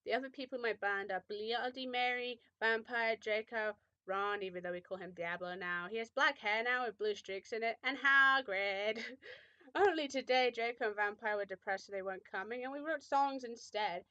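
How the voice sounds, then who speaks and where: A woman's voice: fairly high pitch, moderate pace, bright, forceful tone, no room sound, dull audio. A young woman reading a fan fiction aloud with mock drama, often breaking off to make sarcastic remarks.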